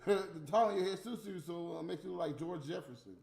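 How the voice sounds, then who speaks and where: A man's voice: high-pitched, fast, creaky, a little mellow. A man delivering a heated, profane, scolding rant as a stream host. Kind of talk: profane ranting monologue. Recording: roomy room with faint music.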